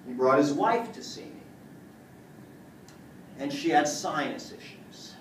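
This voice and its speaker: Animated joking man in an echoey room. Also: fairly high pitch, a little slow, pauses often, far from the mic, slight background noise. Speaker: chiropractor demonstrating on a patient. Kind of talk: live demonstration talk to an audience.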